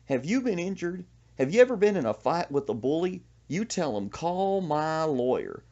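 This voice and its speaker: Man putting on a high-pitched, hammy country lawyer pitching in an ad, dull lo-fi sound. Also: very animated, normal speed, a little mellow. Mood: salesy. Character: folksy small-town male lawyer in a TV ad.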